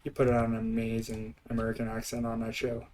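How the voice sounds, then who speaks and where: A man's voice: medium pitch, completely flat delivery, fast talker, a little mellow, slight background noise. Eastern canadian guy streaming, young, chatty, rambles on and laughs a lot. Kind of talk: casual gameplay commentary.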